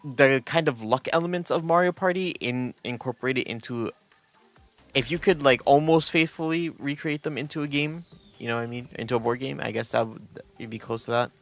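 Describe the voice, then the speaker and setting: A man's voice: mid-range voice, a little fast, a bit bright, no echo, faint music behind. A young man streaming and chatting casually, rambling with lots of restarts and quoted asides. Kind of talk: casual chat.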